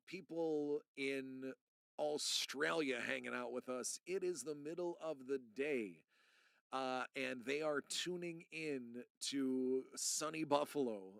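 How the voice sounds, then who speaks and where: Gravelly middle-aged streamer. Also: male voice, on the high side, slow pace, fairly bright tone, dry recording. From United States. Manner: rambling and earnest, talking straight to chat. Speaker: live streamer. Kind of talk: casual live-stream chat.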